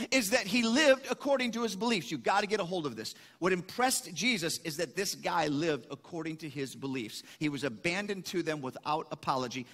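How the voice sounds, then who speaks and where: A man's voice: high-pitched, bright, forceful tone. A man preaching a sermon, emphatic, asking questions and answering them himself. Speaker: pastor. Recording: echoey hall.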